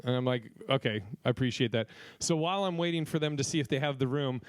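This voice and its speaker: A man's voice: mid-range voice, fast talker, clear, resonant tone, dry recording. A man co-hosting a podcast, telling a rambling, profane anecdote in casual chat and acting out the other people's lines. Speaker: podcast co-host.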